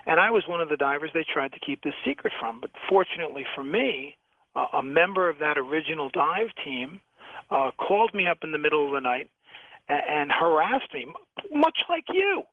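A man from New York, a shipwreck diver, telling stories as a radio guest over the phone, halting with many restarts and repeated words. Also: a little high, dry recording. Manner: lively storyteller. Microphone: telephone. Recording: tinny phone line, dry.

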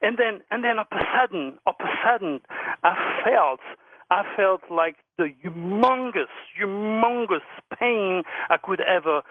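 A middle-aged man with a somewhat high voice tells his stories earnestly, circling back over his words. He comes through a tinny, phone-like line with a dry sound. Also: animated, a little slow, no echo. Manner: earnest, repeats words while telling stories. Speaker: guest. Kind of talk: telling personal stories on a radio show.

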